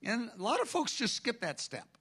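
A man delivers a sermon with a high, bright voice. He talks in a loose, conversational way and slips into lively retellings of what others said. The tone stays ringing and forward. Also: moderate pace, husky. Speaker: preacher.

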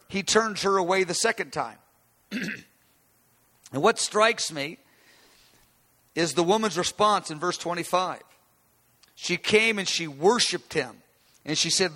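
A man's voice: sits high, bright, forceful tone, in a large hall. A male preacher giving a conversational sermon, explaining a Bible passage with frequent restarts.

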